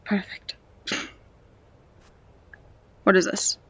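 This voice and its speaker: Speaking slowly at a medium pitch, a woman with an expressive delivery plays a game at home and comments on it casually and playfully. She has a stuffy nose, talks to the characters, and at times lowers her voice to a whisper. As a game vlogger she uses a cheap home mic, and the audio is dull with no room sound.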